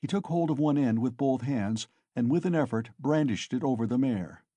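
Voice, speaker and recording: A man narrating a classic novel as an audiobook, in a measured, dramatic way. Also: mid-range voice, animated, warm tone, slightly rough, no echo.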